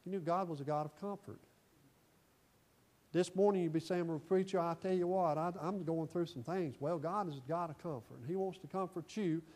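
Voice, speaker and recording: A man preaching a sermon to his congregation, repeating phrases for emphasis and swinging between soft asides and loud declarations. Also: on the high side, fairly quick. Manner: folksy, repeats phrases for emphasis, rises and falls in volume. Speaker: pastor. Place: church.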